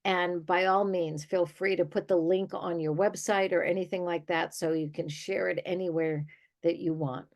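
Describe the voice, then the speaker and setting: A woman's voice: fairly low pitch, steady tone, normal speed. A woman hosting a casual podcast interview. She is enthusiastic and chatty and laughs easily. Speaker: podcast host.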